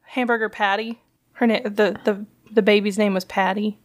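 A woman's voice: mid-range voice, level tone, normal speed. A woman co-hosting a podcast, telling pun jokes in a casual chat and giggling, delighted by them. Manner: giggly, delighted by her own puns. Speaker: podcast co-host.

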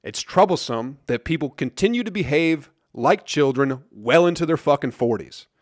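A man's voice: on the high side, lively intonation, moderate pace, no echo, studio quality. A man hosting a solo podcast, ranting in a grumpy, sarcastic, profane way. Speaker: podcast host.

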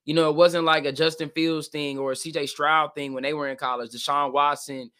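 A man's voice: on the high side, flat delivery, a little fast, bright, forceful tone. A man co-hosting a casual sports podcast, blunt and emphatic, often repeating words as he makes his case. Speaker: co-host.

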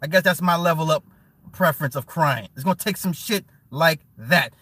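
Blunt, profane streamer with a bright voice. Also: male voice, a little high, normal speed, husky. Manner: profane, blunt banter with frequent laughs; repeats words for emphasis. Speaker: livestreamer reading chat. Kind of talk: casual live stream chat.

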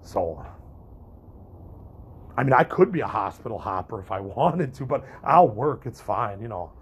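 A man's voice: fairly low pitch, very animated, unhurried, slightly rough. A young man vlogging in a candid, rambling monologue to his viewers, swearing freely and restarting his sentences as he goes. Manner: candid, profane, rambling with frequent restarts and fillers. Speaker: vlogger and podcaster.

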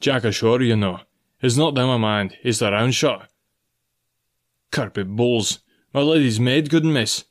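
A man reading the part of a stern, steady sea captain who gives clipped orders. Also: medium pitch, unhurried, long pauses, lightly acted. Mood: urgent. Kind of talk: audiobook dialogue reading.

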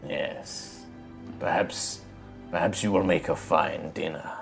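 A man doing a low, slow menacing shaman. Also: fairly even intonation, creaky, faint music behind, heavily acted. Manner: slow, low, clipped broken speech. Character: gruff tribal male shaman, menacing.

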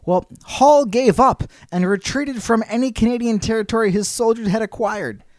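A man's voice: high-pitched, normal speed, a little mellow, no echo, clean studio sound. A man co-hosting a casual history podcast, telling the story and breaking into jokey voices. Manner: storytelling with jokey put-on voices, laughs a lot.

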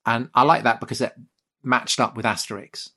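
A man's voice: mid-range voice, steady tone, normal speed, vocal fry, sharp tone. A man hosting a history podcast, talking enthusiastically with many ums and restarts. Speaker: podcast host. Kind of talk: casual podcast conversation.

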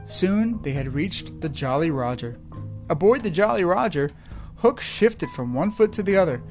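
A woman narrating children's stories in an expressive, lively reading. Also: fairly low pitch, normal speed, soft background music. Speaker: storyteller. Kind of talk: scripted storybook narration.

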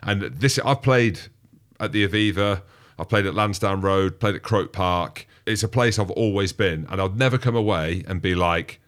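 A man with a very low, deep voice, chatting casually on a rugby podcast. He tells stories with animation and slips into the voices of the people he quotes. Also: normal speed. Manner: animated storyteller who acts out quotes. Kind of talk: casual sports chat.

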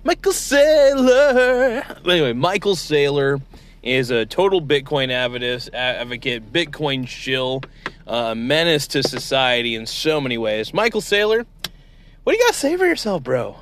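A man's voice: medium pitch, sing-song, normal speed, a bit bright, slight background noise. A man hosting a comedy sketch interview, playing a mock-outraged, exasperated interviewer. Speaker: show host.

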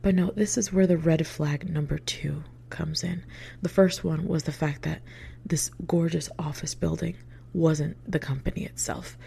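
Young adult woman, low-pitched and gravelly, chatty storyteller who swears and slips into whispered asides. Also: steady tone, normal speed, slight background noise. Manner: chatty, swears freely, heavy filler words; drops into hushed whispered asides. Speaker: vlogger. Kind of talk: casual storytime.

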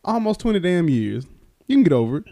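A man's voice: sits high, fast. A man hosting a casual podcast who teases his co-host, laughs often and tells stories loosely with many fillers. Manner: teasing, animated, laughs often.

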